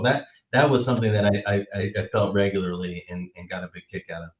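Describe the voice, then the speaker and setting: A man's voice: on the low side, quick pace, few pauses, roomy sound, muffled recording. A middle-aged man, a former baseball player, telling family stories reflectively in casual chat, often laughing.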